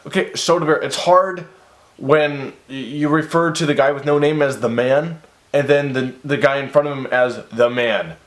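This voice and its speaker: A man's voice: medium pitch, fairly even intonation, normal speed, roomy sound. A man reading a story aloud as a reviewer, stumbling over words and breaking off into exasperated, sidetracked commentary.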